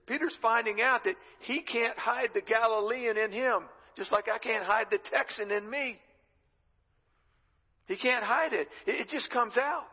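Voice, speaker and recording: A man's voice: sits high, slightly rough. A male pastor preaching a sermon, retelling a scripture story in his own conversational words. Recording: reverberant dull-sounding hall.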